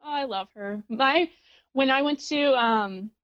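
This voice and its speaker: A woman's voice: sits high, a little slow, a bit bright, no echo. A woman guesting on a casual podcast chats with plenty of "um" and "like". Her voice comes through dull and lo-fi. It sounds dry, with no room around it. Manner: chatty, with many fillers like um and like.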